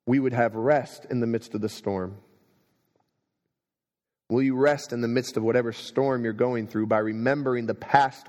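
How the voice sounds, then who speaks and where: A young adult man preaching a sermon, telling stories and swinging between quiet moments and emphatic ones. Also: mid-range voice, steady tone, moderate pace. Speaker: pastor. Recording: long reverb of a hall.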